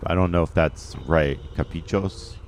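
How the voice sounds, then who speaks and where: A man's voice: low-pitched, unhurried, background noise. A comedian narrating his road-trip vlog in a casual voice-over, rambling and joking with lots of ums. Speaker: comedian and vlogger. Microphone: voice-over, not recorded on the road.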